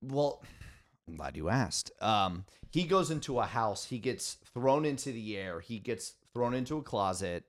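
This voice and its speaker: A man co-hosting a podcast, retelling a cartoon episode in an excitable, laughing way. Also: mid-range voice, a little slow. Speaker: podcast co-host. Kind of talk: casual chat.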